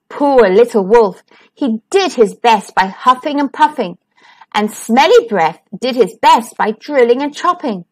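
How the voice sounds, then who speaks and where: A woman reads a children's picture book aloud for storytime. Her voice is high and lilting, with wide swings of pitch. She takes her time, letting each line land slowly. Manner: slow, expressive reading. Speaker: storytime reader.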